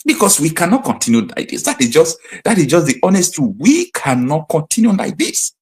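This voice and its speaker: A man's voice: on the high side, big pitch swings, a little fast, a little mellow. A man with a Nigerian accent hosting a live political commentary stream, impassioned and repeating his points for emphasis.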